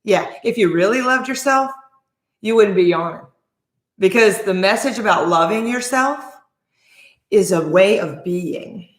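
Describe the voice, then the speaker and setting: A woman in her forties talks straight to camera as a life coach, lively and emphatic, throwing out rhetorical questions. Her voice sits at a middling pitch, and the recording carries a roomy echo. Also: measured pace. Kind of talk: motivational talk to camera.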